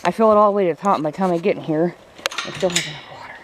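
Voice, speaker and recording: A woman's voice: on the low side, rapid-fire. A woman chatting casually while doing farm chores outdoors, talking to her animals. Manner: chatty, coos baby talk to her animals. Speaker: farm vlogger. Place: outdoors at a chicken coop on a farm. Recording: noisy outdoor farm recording. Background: chickens clucking.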